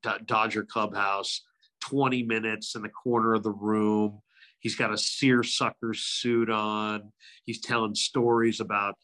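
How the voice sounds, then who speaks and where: Middle-aged sportscaster guest, bright voice, animated storyteller who does impressions. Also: male voice, on the low side. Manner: animated anecdotes, frequent impressions. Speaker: sports radio broadcaster, guest. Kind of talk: casual interview storytelling.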